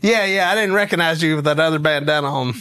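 A man's voice: fairly high pitch, fast, sharp tone, smooth. A man voicing a chatty little old male driver in a retold story, speaking in a matter-of-fact, sure way.

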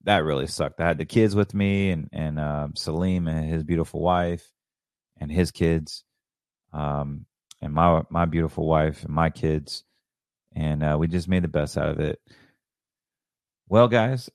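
A man's voice: low voice, darkish tone, dry recording, studio quality. A middle-aged man hosting a podcast, talking in a rambling, enthusiastic way. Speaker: podcast host. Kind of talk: casual solo podcast monologue.

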